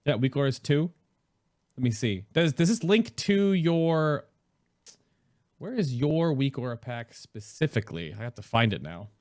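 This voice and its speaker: Lively, animated man hosting a chat. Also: mid-range voice, a little slow, no room sound, clean studio sound. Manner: animated, reading chat aloud, laughing often. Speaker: podcast host. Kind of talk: casual chat.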